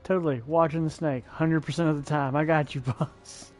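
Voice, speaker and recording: A man's voice: fairly high pitch, steady tone, normal speed, a little mellow, faint music behind. A man chiming in with joking, teasing remarks during casual chat.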